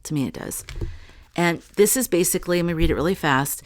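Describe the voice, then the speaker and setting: A woman's voice: lowish voice, fairly quick, dry recording, clean studio sound. A middle-aged woman hosting a casual spiritual vlog, rambling and talking straight to her viewers as she reads oracle cards. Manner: chatty and rambling, addresses viewers directly. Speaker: spiritual channel host.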